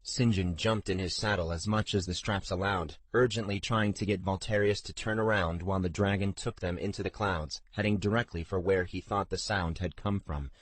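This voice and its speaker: A man with a very low voice reads a fantasy audiobook in a measured, steady way. The recording is dry and close, with no room sound. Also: no room sound. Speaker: audiobook narrator. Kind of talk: scripted fantasy narration.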